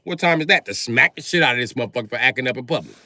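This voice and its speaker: A male comedian telling profane comic stories in a live monologue, acting out both sides of conversations and breaking into loud shouts. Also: lively intonation, very fast, dry recording. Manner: jumps to loud high shouts when acting out scenes.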